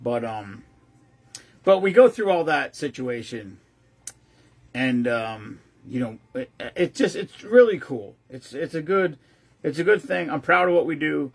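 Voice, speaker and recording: A man's voice: a little high, lively intonation, a little slow, creaky. A man hosting his own show, telling a long-winded, rambling story casually with lots of restarts. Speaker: host of a veteran care-package group.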